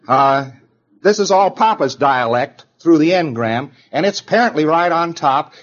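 Man lecturing on dull lo-fi tape. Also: on the high side. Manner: conversational and digressive, briefly acting out example voices. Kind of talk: informal lecture.

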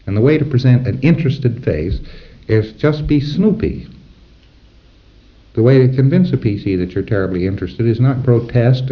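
A man's voice: fairly low pitch, muffled recording. A man giving an informal lecture to trainees, talking conversationally and acting out little dialogues. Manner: conversational, acts out dialogues and chuckles at his own examples.

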